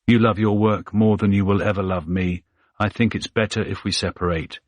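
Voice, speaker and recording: A man's voice: fairly low pitch, steady tone, normal speed, no room sound, lightly acted. A man voicing a woman writing a sad, resigned farewell to her husband. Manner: subdued and resigned. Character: estranged wife, sad, resigned.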